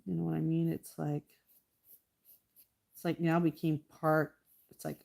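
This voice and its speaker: Middle-aged woman, slightly low voice, casual livestream artist who chats to her canvas. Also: little pitch movement, measured pace, creaky, long pauses, darkish tone. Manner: chatty, talks to her painting and viewers. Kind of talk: casual chat while painting.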